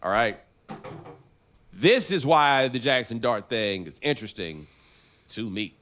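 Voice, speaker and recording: Man, medium pitch, argumentative, sports talk co-host, pressing tone. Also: expressive, a little slow, a bit bright, slight background noise. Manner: argumentative, pressing with "okay?" and "all right?". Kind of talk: live-stream sports talk.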